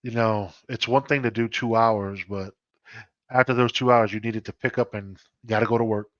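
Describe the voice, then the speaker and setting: A man's voice: fairly low pitch, steady tone, moderate pace, fairly bright tone, no echo. Jokey guy on a stream call, teasing his buddy, dry and a bit muffled. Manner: joking, teasing, easy laugh. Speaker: co-host. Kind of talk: casual live-stream chat.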